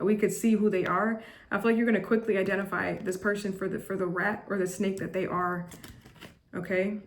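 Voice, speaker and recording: A woman giving a casual tarot reading to camera, chatty and blunt, with lots of restarts and fillers. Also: medium pitch. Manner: chatty, repetitive, with frequent restarts and "like"; blunt and judgmental. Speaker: tarot reader.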